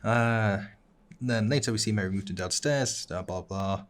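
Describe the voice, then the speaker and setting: A man's voice: on the low side, a little slow. A young man co-hosting a casual anime talk show, recapping episodes in a rambling way with lots of "uh" and restarts and laughing at his own jokes. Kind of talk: casual chat.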